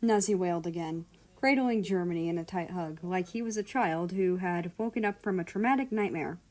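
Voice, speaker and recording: A woman reading a fan fiction story aloud in a steady, storytelling way. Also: lowish voice, a little fast. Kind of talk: scripted narration of a fan story.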